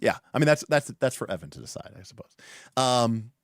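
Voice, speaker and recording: A man hosting a livestream in casual chat. He talks in an animated, rambling way full of restarts and fillers. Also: medium pitch, fairly quick, clean tone, dry recording, clean studio sound. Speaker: livestream host.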